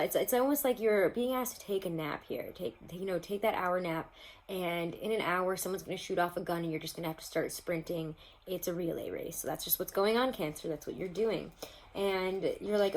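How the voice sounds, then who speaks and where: A woman's voice: fairly low pitch, steady tone, moderate pace, a little hiss or hum, rough recording. A woman giving a casual tarot reading to her viewers, chatty and rambling, laughing often. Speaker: tarot reader.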